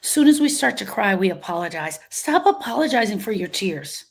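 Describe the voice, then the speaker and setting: A woman grief coach gives an emphatic, motivational live talk, repeating phrases and acting out what people say. Her medium-pitched, slightly rough voice moves at a moderate pace with big pitch swings.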